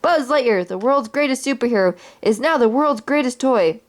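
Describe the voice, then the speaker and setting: A woman's voice: fairly high pitch, lively intonation, normal speed, voice pushed up, natural voice. A woman reading a children's story aloud, voicing an upbeat male TV commercial announcer with a salesy, emphatic delivery.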